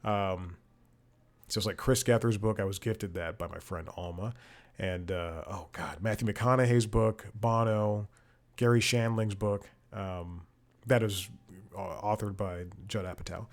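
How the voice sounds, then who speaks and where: A man's voice: lowish voice, a little slow. A man hosting a comedy podcast from his home, talking in a rambling, casual way with lots of restarts and exasperated swearing. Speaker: podcast host. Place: home room with bookshelves.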